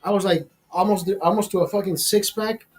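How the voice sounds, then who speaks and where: High-voiced man in his fifties, swearing. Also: fairly even intonation, a little fast. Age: 50s. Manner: rambling, repeats words, swears freely. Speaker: show host. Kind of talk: casual profane storytelling. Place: streaming studio.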